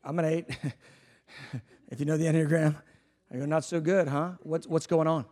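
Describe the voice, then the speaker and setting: A man preaching a sermon, swinging between fervent shouted appeals and hushed, conversational storytelling. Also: on the high side, level tone, moderate pace. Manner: conversational, self-deprecating anecdotes.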